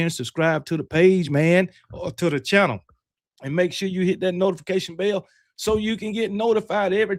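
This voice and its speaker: A high-voiced man hosts a college football livestream in casual chat, loose, fired-up and brash, cursing mildly while talking with candy in his mouth.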